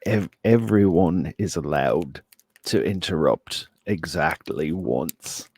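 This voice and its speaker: A man putting on an exaggerated fake Australian accent, rambling deadpan through a mock-earnest talk. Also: low voice, takes it slowly, slightly rough, no echo, heavily acted.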